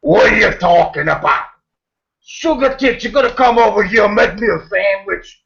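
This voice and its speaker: A man voicing a crude chain-smoking Boston tough guy, with a gravelly, forceful voice, over muffled video call audio. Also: high voice, lively intonation, moderate pace, voice pushed up, exaggerated voice. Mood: brash. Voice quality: gravelly, smoke-roughened. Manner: pushes air hard from the belly, brash.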